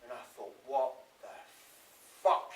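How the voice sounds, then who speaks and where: A man's voice: mid-range voice, animated, slow pace. An actor with a Scottish accent playing a remorseful male prisoner in a theatre monologue, swearing constantly. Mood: guilt-ridden. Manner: raw, swearing constantly, brooding. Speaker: stage actor. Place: theatre stage. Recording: live stage, roomy, from far off.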